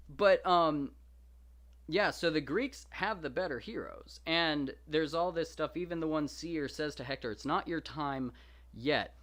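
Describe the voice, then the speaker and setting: A man's voice: on the high side, unhurried. A young man hosting a show, casually and playfully retelling and commenting on an ancient epic, slipping into slangy voices for the characters. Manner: animated, jokey, paraphrases characters in slangy quoted voices. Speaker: podcast host reading and discussing a classic epic.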